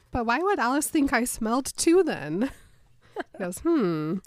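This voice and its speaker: A woman's voice: on the high side, big pitch swings, unhurried, dry recording, clean studio sound. A woman co-hosting a casual podcast, retelling a book scene and acting out the characters' lines as she goes. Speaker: podcast co-host. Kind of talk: casual book recap chat.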